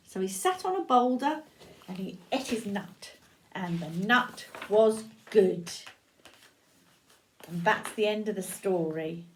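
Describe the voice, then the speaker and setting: An older woman reads a picture book aloud to young listeners. She speaks slowly, with a lilting, rising and falling melody. She breaks off the story to chat and ask them questions. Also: medium pitch, animated, slight background noise. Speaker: grandmother reading to children.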